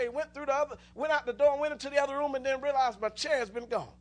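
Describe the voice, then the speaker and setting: A man's voice: very high voice, quick pace, few pauses. A man preaching a sermon, telling stories with many restarts and rising into fervent exclamations.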